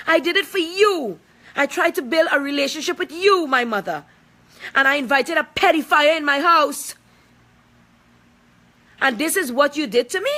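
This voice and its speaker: A woman in her forties records a heated personal video, talking in a high, sharp, bright voice. She is confrontational and emphatic, driving each point home by repeating it. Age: 40s. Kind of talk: angry personal video statement.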